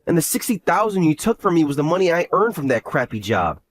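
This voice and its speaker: Man voicing an angry scheming brother, high voice, big pitch swings, dry close mic. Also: sing-song, fast talker, dry recording. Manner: exasperated, scolding. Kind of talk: voiced story drama.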